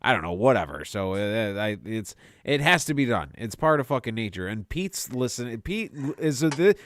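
A man's voice: medium pitch, normal speed, dry recording. Man, young adult, casual swearing storyteller, acts out voices, dry sound. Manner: animated, swearing often, acts out quoted voices. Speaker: podcast co-host telling a story.

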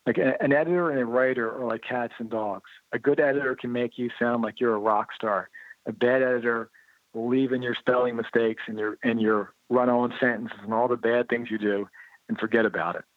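A man's voice: medium pitch, brisk, no echo. A man talks through a thin, phone-like line with a dry, close sound. He tells his stories casually and animatedly. He slips into the voices of the people he quotes. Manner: lively anecdotal, acts out quoted dialogue. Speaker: interview guest, motorcycle writer and blogger. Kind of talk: casual storytelling interview.

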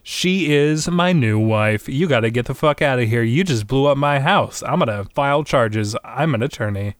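A man's voice: medium pitch, expressive, normal speed, no room sound, studio quality, lightly acted. A man voicing an arrogant, dismissive cheating husband in a casual retelling.

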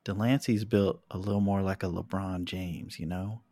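A man with a fairly low voice talks in casual podcast banter, teasing his co-host with a joking manner. The recording is dry and close. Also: fairly even intonation, moderate pace, warm tone, no room sound. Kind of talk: casual chat.

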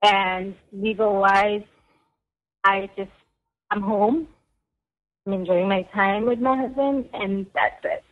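A woman, a guest in a casual interview, talking in a relaxed way with lots of "like" and "you know". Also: mid-range voice, slow, pauses often, phone-quality sound. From United States.

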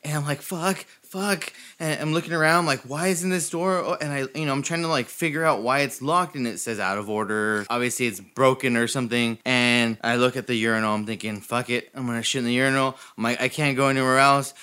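A man's voice: mid-range voice, quick pace, few pauses, clean tone. A man casually telling a long story, swearing freely and laughing through it. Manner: profane, animated, laughs through his own story.

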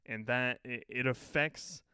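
Deadpan rambling podcast guy, very smooth voice. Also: medium pitch, unhurried, dry recording. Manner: deadpan, rambling with many likes. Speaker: podcast co-host. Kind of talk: casual chat.

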